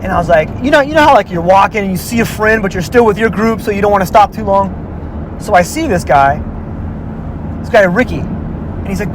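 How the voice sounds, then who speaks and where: A man's voice: high-pitched, lively intonation, fairly quick, background noise. A man casually telling a personal story, rambling with lots of filler words and restarts.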